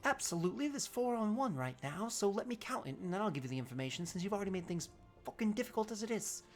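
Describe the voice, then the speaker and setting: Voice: mid-range voice, very animated, quick pace, soft background music, voice pushed up. Game master voicing a curt shady underworld woman. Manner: curt and impatient, swears.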